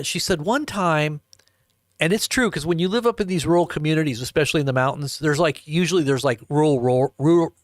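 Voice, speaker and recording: A man's voice: a little high, dry recording, clean studio sound. Rambling man telling stories to a live chat. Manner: rambling, chuckling, addresses viewers directly. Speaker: livestream host. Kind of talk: casual storytelling to a live chat.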